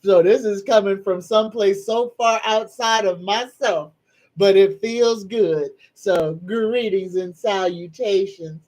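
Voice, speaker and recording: A middle-aged woman hosts a casual livestream, speaking very slowly. She greets viewers in a folksy, drawn-out way and addresses them as a group. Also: mid-range voice, a little mellow, rough recording. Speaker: psychic livestream host. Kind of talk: casual live-stream chat.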